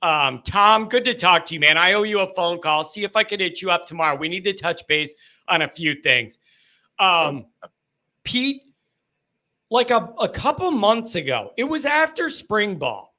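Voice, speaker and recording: Male call-in host, high bright voice, hyped and riffing. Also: animated, normal speed. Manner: hyped, loud, riffing storyteller. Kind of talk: excited live call-in chat.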